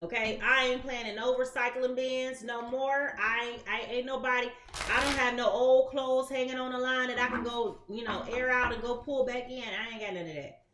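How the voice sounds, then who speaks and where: A woman's voice: fairly high pitch, steady tone, moderate pace, roomy sound, noisy background. A woman giving a casual live-stream tarot reading, chatty and slangy, talking straight to her viewers. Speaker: tarot reader.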